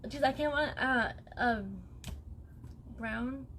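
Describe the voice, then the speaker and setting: A woman's voice: sits high, slow, fairly bright tone, a little hiss or hum. Chatty, reassuring woman doing a live reading. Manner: chatty, reassuring, often checks in with "okay?". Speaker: psychic medium. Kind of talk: live-stream spirit reading.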